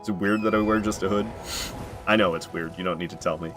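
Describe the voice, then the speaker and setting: A man's voice: low-pitched, steady tone, fast, music in the background. Chatty man streaming a game at home. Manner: chatty, joking, often laughing and answering chat. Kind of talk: casual live-stream commentary.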